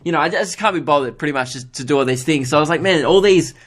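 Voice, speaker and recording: Man telling a rambling story. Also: fast. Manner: animated, jumps into higher voices to mimic others; self-mocking, swears freely. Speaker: podcast host. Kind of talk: casual solo podcast storytelling.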